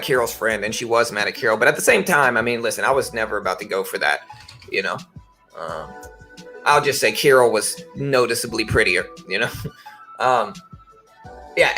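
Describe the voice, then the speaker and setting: A man's voice: fairly low pitch, pushed and bright. A man in his thirties from Louisiana with a faint Louisiana accent, hosting a trading livestream and chatting in a rambling, laid-back way. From Baton Rouge, Louisiana. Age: 30s. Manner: rambling, laid-back, says "bro" and "you know". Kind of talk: casual livestream chat. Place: home office.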